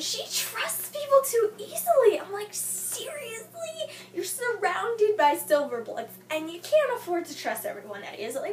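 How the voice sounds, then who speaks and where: A woman's voice: high-pitched, slight background noise. A young woman reviewing a book in a casual vlog, gushing and exasperated, often talking back at the characters. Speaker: book vlogger. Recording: echoey room, mic at a distance.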